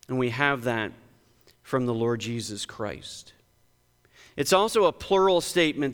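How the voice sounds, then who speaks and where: Guy preaching a sermon, kinda high voice, talks plain then punches the big points, church echo. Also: a bit bright, smooth. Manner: emphatic, conversational preaching with sudden lifts in pitch. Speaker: pastor. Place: church sanctuary.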